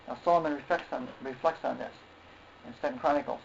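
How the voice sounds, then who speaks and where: Halting man preaching, dull lo-fi sound. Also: medium pitch. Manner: halting, repeats words, says okay often, clears throat. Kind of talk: sermon. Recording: dull lo-fi recording with faint noise.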